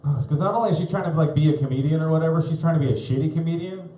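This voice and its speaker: A man in his thirties doing live stand-up comedy on a club stage, rambling and self-deprecating, with halting restarts. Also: on the high side, mellow. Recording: roomy live club recording.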